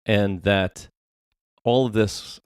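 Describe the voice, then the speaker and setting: Deep-voiced laid-back man, dry mic. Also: fairly even intonation, slow pace, clean tone, no room sound. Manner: laid-back, frequent agreeing, muses out loud. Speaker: podcast co-host. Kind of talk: casual podcast banter.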